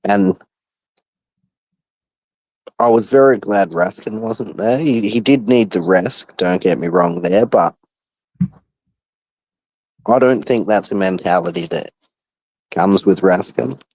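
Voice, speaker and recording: A man calling into a football phone-in from abroad, speaking in a measured way with dry humour. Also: lowish voice, darkish tone, no room sound, rough recording. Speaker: caller. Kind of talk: casual phone-in chat.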